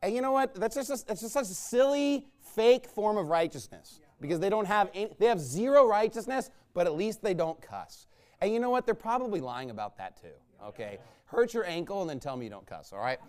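Preacher guy, high smooth voice, ranting and mocking, fiery sermon. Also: very animated, a little fast, darkish tone. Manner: combative, sarcastic, mocking imagined critics. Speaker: pastor.

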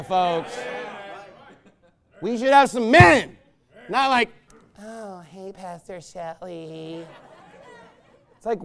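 A pastor preaches a sermon from the pulpit, a man whose voice is high for a man, with a smooth, resonant tone. His manner is blunt and emphatic, turning scornful, and he breaks into loud bursts.

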